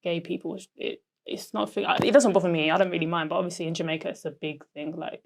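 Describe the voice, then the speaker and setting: A British woman with a lowish voice, chatting easily as she is interviewed. She sounds relaxed and giggles readily. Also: fast talker, vocal fry. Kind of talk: casual chat.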